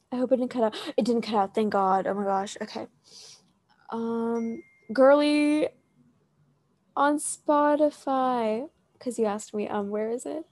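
A woman's voice: high voice, no echo. A woman in her late teens hosting a casual chat, rambling with lots of fillers, swearing often and laughing easily. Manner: animated, with frequent laughter. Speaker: podcast host.

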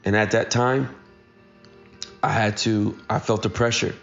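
A man's voice: fairly low pitch, steady tone, measured pace, creaky, a bit bright, highs cut off, faint music behind. A man in his thirties giving a casual, earnest motivational talk straight to his listeners. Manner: earnest, addresses listeners directly. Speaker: motivational speaker.

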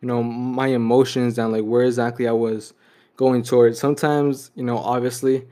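A man's voice: medium pitch, flat delivery, normal speed, mellow. A young man telling a personal story in a reflective way, often saying "you know" and "like".

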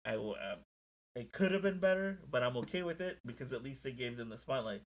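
A young man chatting casually as a podcast co-host, telling stories in an excitable, animated way with lots of swearing. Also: mid-range voice, a little fast. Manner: excitable, profane, animated storytelling. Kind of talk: casual chat.

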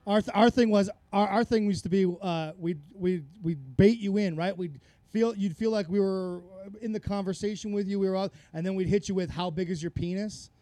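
High-voiced man, dry close mic. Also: fairly quick, dry recording. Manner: rambling, profane, animated. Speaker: podcast guest, longtime wrestling podcaster. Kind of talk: casual conversational storytelling.

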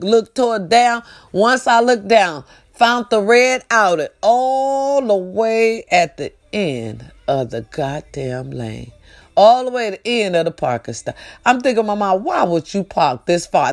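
Profane, preachy woman telling a story. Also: medium pitch. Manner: loud, profane, preachy, addresses viewers as y'all. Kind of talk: animated casual storytelling to camera.

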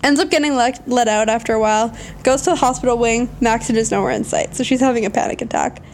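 A young woman casually retelling a book plot to a friend, animated, with many fillers. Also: a little high, quick pace, slight background noise. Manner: animated storytelling with many likes. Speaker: book recapper. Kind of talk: casual chat.

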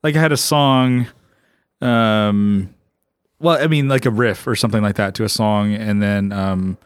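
A man's voice: lowish voice, steady tone, a little slow, smooth, no room sound, studio quality. A man chatting casually on a podcast, laid-back, laughing often, with lots of fillers and musician talk. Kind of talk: casual chat.

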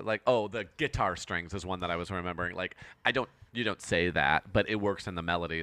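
A man with a light Michigan accent talks in a lowish, bright and forceful voice that stays smooth and crisp. He rambles loosely about pop songs, thinking aloud with fillers and restarts. The sound is close and dry. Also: moderate pace, few pauses, no echo. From Michigan, USA. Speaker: podcast co-host. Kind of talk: casual pop music chat.

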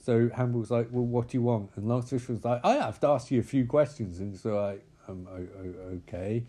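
A man's voice: mid-range voice, a little fast, warm tone. Man rambling through a profane recap. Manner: rambling, profane, voices characters mid-story. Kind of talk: casual comedic recap.

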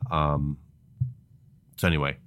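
A man co-hosting a podcast in casual chat, talking in a chatty, halting way and laughing often. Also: a bass voice, little pitch movement, fairly bright tone, dry recording. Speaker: podcast co-host.

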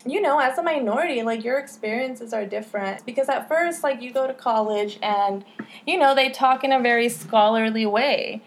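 A woman's voice: fairly high pitch, normal speed, slight background noise. A young woman hosting a casual podcast, talking candidly, swearing freely and filling her speech with "like" and "you know". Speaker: podcast host.

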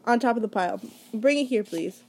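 A woman reading a novel aloud and voicing a sarcastic old male history teacher, slow and mocking, tripping over words now and then. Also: fairly high pitch, animated, mellow.

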